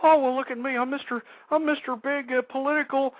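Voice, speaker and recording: A man mockingly impersonating a smug, self-important male pundit in a higher, sing-song boasting voice. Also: fairly even intonation, fairly quick, dry recording, phone-quality sound. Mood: smug mockery.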